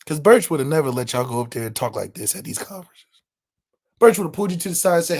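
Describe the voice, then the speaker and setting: A man co-hosting a sports podcast in casual chat, animated, laughing and trash-talking. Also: a little high, fast. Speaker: podcast co-host. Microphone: webcam setup.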